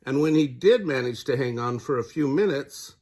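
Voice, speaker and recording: An older man, a grandfather, narrating a children's picture book aloud in a gentle storyteller manner. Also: medium pitch, expressive, moderate pace, slightly rough.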